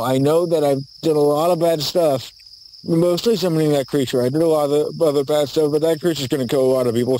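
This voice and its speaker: This man's voice sits at medium pitch with a darkish tone. As a video creator, he stammers, swears and rambles nervously into a handheld camera in a nighttime forest, performing a mock apology for a horror comedy short. Crickets and insects chirp faintly, and the poor recording has some hiss or hum.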